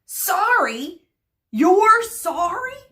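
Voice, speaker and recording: A woman voicing a vain, excitable male hairdresser in a storybook read-aloud, with shrill, theatrical outbursts. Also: very slow, full character voice. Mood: furious. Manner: shrieking, theatrical, high-pitched outbursts.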